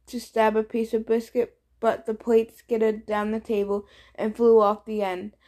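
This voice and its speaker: A woman reading a chapter of a novel aloud in steady storytelling narration. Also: on the high side, normal speed. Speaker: reader. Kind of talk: audiobook reading.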